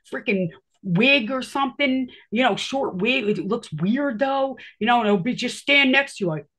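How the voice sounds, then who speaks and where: A woman tells a personal story loosely and ramblingly, her voice husky and slightly rough, yet on the high side with a fairly bright tone. She relies heavily on filler words and acts out what people said.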